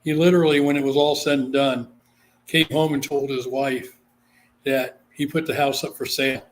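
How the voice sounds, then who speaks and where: A man from Guam, talking as a guest on an interview show at a middling pitch. He tells a long story in a loose, chatty way, drops "you know" often and slips into the voices of the people he quotes. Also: steady tone, moderate pace, slight background noise. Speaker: psychic medium, interview guest.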